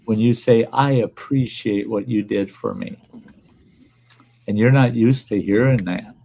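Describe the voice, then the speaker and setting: Gravelly older man, blunt. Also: mid-range voice, a little slow, mellow, rough recording. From Upper Midwest US. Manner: blunt, plainspoken, swears freely. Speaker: livestream host. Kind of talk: casual chat.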